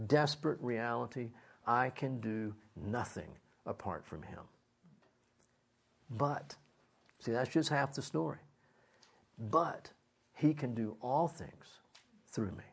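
Brief: male preacher, high voice with gravel, animated sermon storytelling. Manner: animated, laughing through his story.

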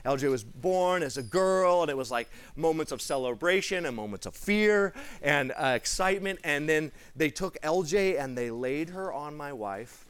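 Young male preacher, fairly high voice, lively storyteller who acts out each scene and drops to a hush. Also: normal speed, hardly any pauses, smooth. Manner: animated, acts out the people in his stories; laughs between lines, drops to a hushed tone for tender moments. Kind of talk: storytelling sermon.

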